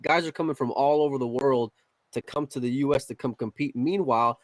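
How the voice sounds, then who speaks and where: Blunt podcast co-host, dry sound. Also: male voice, mid-range voice, brisk, dry recording, low-quality recording. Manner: blunt, emphatic. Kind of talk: casual podcast chat.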